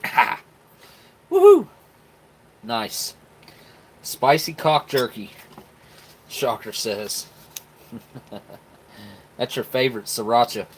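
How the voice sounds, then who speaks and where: While reviewing military rations live, a man tastes and mixes food and drinks and chats folksily with those watching. His mid-range, slightly bright voice takes its time with frequent pauses, and a little hiss or hum is present.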